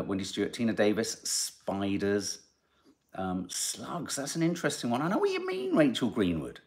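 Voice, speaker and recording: Animated man chatting with listeners. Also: mid-range voice. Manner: animated, rambling, storytelling. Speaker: podcast host reading live comments. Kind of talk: casual chat.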